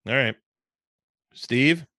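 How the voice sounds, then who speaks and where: A man co-hosting a podcast in casual chat, laughing often and thinking out loud with playful teasing. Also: mid-range voice, very slow, no room sound, clean studio sound. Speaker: podcast co-host.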